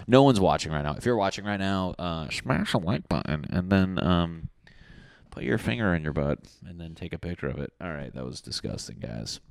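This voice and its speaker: A man hosting a solo comedy podcast, rambling profanely and acting out neighbors in loud mocking voices. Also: low-pitched, big pitch swings, normal speed, creaky, no room sound. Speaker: podcast host. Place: indoors at home.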